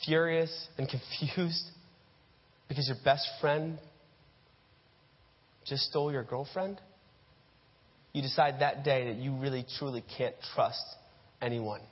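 Speaking slowly and pausing often, a male preacher tells sermon stories in the second person, calling listeners "you" and acting out the scenes. His medium-pitched voice is slightly rough with fairly even intonation. It was recorded in a dull, echoey hall.

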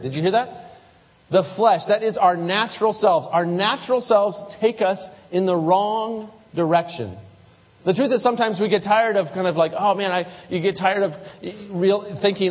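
A man's voice: sits high, moderate pace. A man preaching a sermon as pastor, speaking conversationally and often repeating his first words. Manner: conversational, repeats words when starting sentences. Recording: dull lo-fi sound with long hall reverb.

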